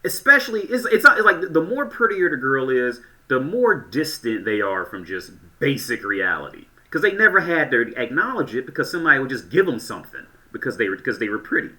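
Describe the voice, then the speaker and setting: A man's voice: mid-range voice, very animated, brisk, hardly any pauses, pushed and bright. A man giving casual reaction commentary in a blunt, crude way, often stammering and restarting his sentences.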